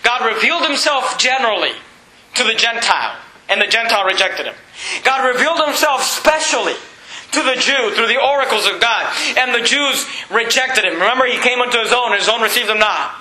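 A man delivers an emphatic sermon, firing rhetorical questions at his listeners. His voice sits high and sounds piercingly bright. The room around him rings with echo, and a faint noise hums underneath. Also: expressive, brisk. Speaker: pastor.

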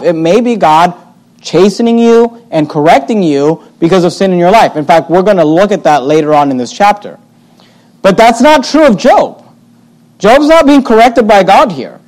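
Male preacher with a high voice, emphatic sermon delivery. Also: darkish tone, low-quality recording. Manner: emphatic, repeats points, reads old scripture aloud.

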